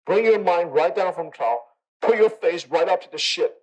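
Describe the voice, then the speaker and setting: A man's voice: fairly high pitch, moderate pace, a little mellow, husky, rough recording. A man teaching a meditation class in a conversational way, often checking in with his listeners and repeating phrases for emphasis. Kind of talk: dharma talk to a class.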